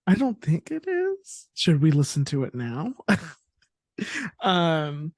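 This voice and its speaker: A woman's voice: deep voice, wildly swooping pitch, takes it slowly, a little mellow, no room sound, clean studio sound. A woman co-hosting a podcast in casual chat, rambling, laughing often and restarting her sentences. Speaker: podcast co-host.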